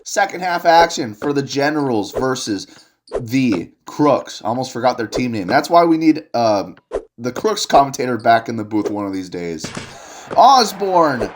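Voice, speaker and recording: Over a noisy background, a young man with a slightly high voice delivers solo play-by-play of a basketball video game. He's jokey and worked up, and his voice climbs to shouts on the big moments.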